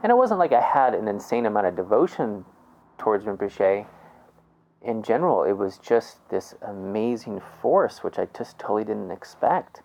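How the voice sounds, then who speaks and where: A man with a fairly low voice recounts a moving personal story, talking casually and warmly, full of fillers and restarts. The recording sounds somewhat dull and lo-fi. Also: sing-song, normal speed. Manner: heartfelt, many "like" fillers, restarts.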